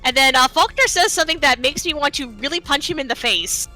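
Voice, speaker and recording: A woman's voice: sits high, expressive, fairly quick, pushed and bright, faint music behind. A woman speedrunner giving casual, chatty live commentary on a role-playing game, with lots of fillers and a playful tone.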